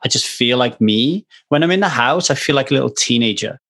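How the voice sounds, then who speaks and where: Man, podcast host, casual, frank, chatty, mid-pitched voice. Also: expressive, a little fast, a bit bright. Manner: frank, chatty, loose and swearing.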